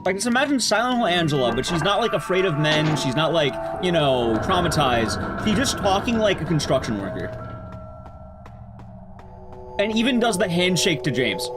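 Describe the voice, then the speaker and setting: A man streaming, recapping a film in a casual, sarcastic and animated way. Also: sits high, fairly quick, hardly any pauses. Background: background music.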